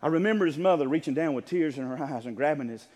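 Older pastor guy preaching, kinda high voice, earnest storytelling with restarts, big echoey church sound. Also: fast talker, a little mellow. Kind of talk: sermon. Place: church sanctuary. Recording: long hall reverb.

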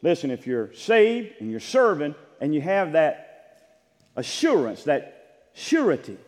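High lively preacher guy, big echoey church reverb. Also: slow. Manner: emphatic, repetitive preaching with rising shouts. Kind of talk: sermon. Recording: church sanctuary with long reverb.

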